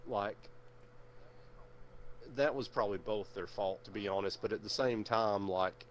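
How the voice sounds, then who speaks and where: A man's voice: lowish voice, a little slow, lo-fi sound, a little hiss or hum. Rambling, profane young man. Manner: rambling, profane, many fillers. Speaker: streamer. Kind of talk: casual chat.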